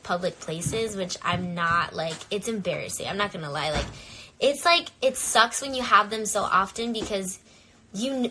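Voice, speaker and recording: A young woman chats openly into her phone during a live stream. Her voice is bright and lively. She rambles and fills her sentences with "like.". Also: mid-range voice, slight background noise. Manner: candid and rambling, full of filler "like". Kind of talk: casual live-stream chat.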